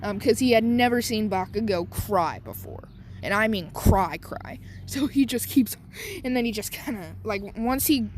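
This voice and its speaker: A woman's voice: on the high side, a little mellow, a little hiss or hum. A woman casually telling a made-up fan story, rambling with many fillers. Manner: rambling, lots of "like" and "um".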